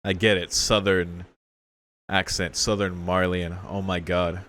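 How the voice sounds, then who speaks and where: A man's voice: low voice, level tone, a little slow, a bit bright, slight background noise. A man reacting aloud to a show episode in casual commentary, exclaiming, swearing often and talking back at the characters on screen. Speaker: reaction video creator.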